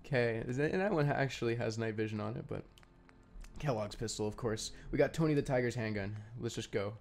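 A man's voice: mid-range voice, quick pace, gravelly, darkish tone, slight background noise. A young man from Canada giving rambling, casual commentary while playing a video game, full of fillers and restarts, chewing candy as he talks. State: eating candy while talking. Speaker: gaming YouTuber.

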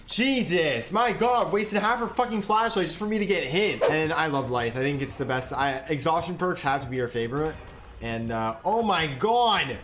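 A young man streaming a video game, swearing, shouting and laughing as he reacts to the match. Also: a little high, moderate pace, a little hiss or hum. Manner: profane, excitable, yells and laughs at the game. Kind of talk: live gameplay commentary.

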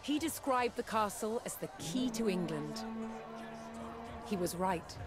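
A grave, measured history narrator for a strategy game, as a woman reads her part in an even, middling voice. She tells the chronicle with unhurried solemnity. A clear musical score plays beneath her. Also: medium pitch, over music, close to an everyday voice. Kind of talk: scripted documentary narration.

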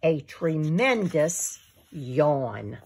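A woman author reading her children's picture book aloud in an expressive storytelling manner. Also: low-pitched, drawn-out words, slightly rough.

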